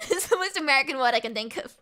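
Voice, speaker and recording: Bright, lively, giggly woman streamer. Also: high-pitched. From Britain. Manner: chatty, giggly, loud outbursts at the game. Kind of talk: casual gaming stream chat. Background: game music.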